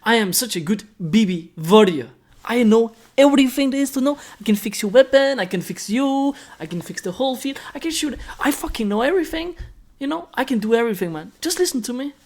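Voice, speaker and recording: A man's voice: extremely high pitch, animated, a little fast, pitched above the performer's own voice, exaggerated voice. A man voicing an arrogant know-it-all airsoft veteran who brags and boasts, in a Danish accent. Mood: boastful. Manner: boastful, bragging.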